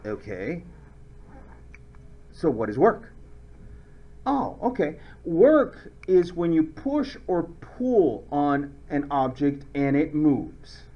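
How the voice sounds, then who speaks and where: A male chemistry teacher lectures with a high-pitched, very animated voice, swinging up and down as he jokes with the class. The lo-fi recording sounds dull and muffled. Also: slow. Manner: playful, joking, acts out little skits.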